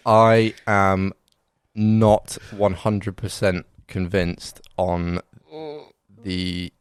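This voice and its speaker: A man co-hosting a podcast, hesitant when giving opinions and laughing loudly at the jokes. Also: low-pitched, level tone, drawn-out words, smooth, no echo, clean studio sound. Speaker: podcast co-host. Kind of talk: casual banter.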